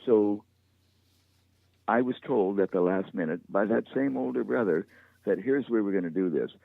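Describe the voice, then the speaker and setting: A man's voice: on the low side, moderate pace, creaky, no echo. An older man, a guest in an interview, telling stories with a dry wit. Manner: dry-witted storyteller. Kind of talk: anecdotal interview chat. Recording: tinny phone line, dry.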